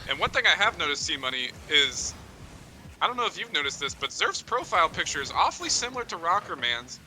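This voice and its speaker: Young man, game commentator, casual drinking stream, crude joking banter, bright voice, faint background hiss. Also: a little high, sing-song, fairly quick. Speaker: esports caster.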